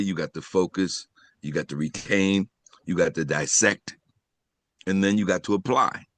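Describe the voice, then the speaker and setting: A man with a deep voice speaks as a calm podcast guest. He reflects slowly and repeats his main points. The sound is dry. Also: no room sound.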